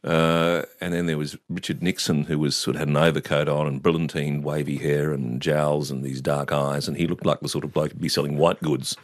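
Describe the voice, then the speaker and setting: A man's voice: extremely low pitch, flat delivery, fairly quick, few pauses, no echo, studio quality. A man in his fifties with an Australian accent, telling rambling anecdotes in an interview and often laughing. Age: 50s. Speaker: guest. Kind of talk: casual storytelling interview.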